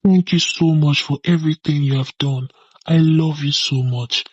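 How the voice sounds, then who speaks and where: A man's voice: fairly high pitch, steady tone, normal speed, breathy edge, dry recording, dull audio. A man playing a sweet-talking young con man who pleads and whines for money in a comedy skit. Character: smooth-talking young male con man and serial fiancé.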